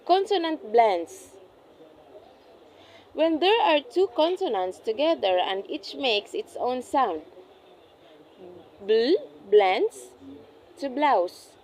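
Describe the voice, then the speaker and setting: A young woman, a student, reading a class report aloud, carefully and deliberately, often correcting herself mid-phrase. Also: high voice, big pitch swings, darkish tone, a little hiss or hum, poor audio. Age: young adult. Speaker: student presenting an assessment.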